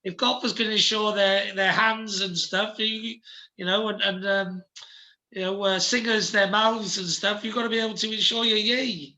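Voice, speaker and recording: A man's voice: high-pitched, steady tone, normal speed, bright, forceful tone, a little hiss or hum. A man hosting a podcast interview, chatting casually and often restarting and repeating words as he thinks. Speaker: podcast host.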